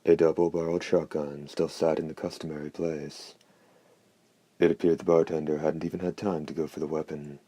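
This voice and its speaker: A man narrates an audiobook in a steady, unhurried reading. His voice is extremely deep, dark and monotone. The recording is close and completely dry. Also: no room sound. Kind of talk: scripted narration.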